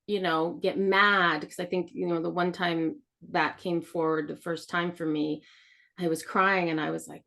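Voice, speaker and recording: A woman with a low, gravelly voice talks in a casual podcast chat. She rambles candidly and leans on lots of fillers. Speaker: podcast co-host sharing her experience.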